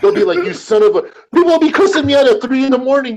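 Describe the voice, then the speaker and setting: A man in casual chat, telling animated stories, swearing often and saying "man" a lot. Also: very high voice, fast, rough recording.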